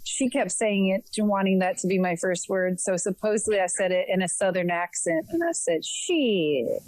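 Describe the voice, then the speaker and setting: A woman's voice: mid-range voice, steady tone, brisk, darkish tone, no room sound, rough recording. A woman co-hosting a casual podcast, asking the guest upbeat questions. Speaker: podcast co-host.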